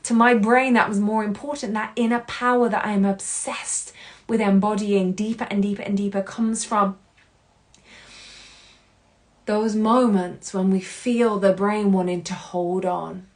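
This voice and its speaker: A woman hosting a solo podcast, talking in an earnest, heartfelt way that swings between loud and hushed. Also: mid-range voice, fairly even intonation, normal speed. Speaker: podcast host.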